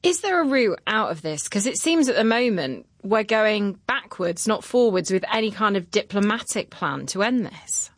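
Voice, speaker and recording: A female news presenter reading headlines and questioning a correspondent in a clear, formal way. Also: medium pitch, sing-song, normal speed, few pauses, dry recording.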